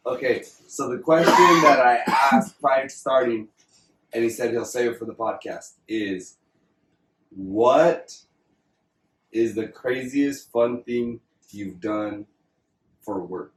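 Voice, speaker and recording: A man's voice: medium pitch, takes it slowly, distant mic. A man hosts a casual podcast chat, asking questions in a loose, joking manner. His voice is set back from the mic. The room around him rings with echo. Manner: laid-back, joking interviewer. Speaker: podcast host. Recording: roomy sound, voice away from mic.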